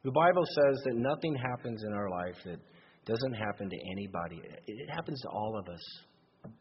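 A pastor preaching a sermon, moving between lively emphasis and quiet asides. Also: male voice, lowish voice, normal speed, a little hiss or hum. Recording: dull lo-fi recording in long-reverb hall.

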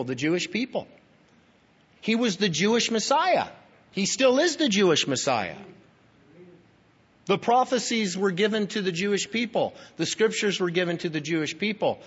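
In a high, slightly rough voice, a man delivers an emphatic teaching sermon as pastor, addressing his listeners head-on. The recording is dull and lo-fi, made in a reverberant hall.

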